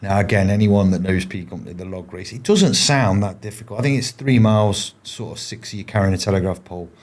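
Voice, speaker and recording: A man's voice: on the low side, quick pace, a little mellow. A man, a former paratrooper, telling his stories in a casual interview, rambling with frequent restarts and fillers. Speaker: podcast guest, former paratrooper.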